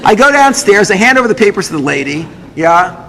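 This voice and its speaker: A man, a rabbi, telling a personal story to an audience, acting out the dialogue in an animated way. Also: a little fast. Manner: lively, acts out dialogue with big pitch jumps. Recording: roomy hall with long reverb, faint noise.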